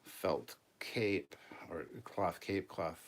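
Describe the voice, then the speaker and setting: A man hosting a casual livestream show-and-tell from a room at home, talking in a relaxed, rambling, self-deprecating way. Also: low voice, very slow. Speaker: channel host. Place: upstairs room at home filled with collectibles.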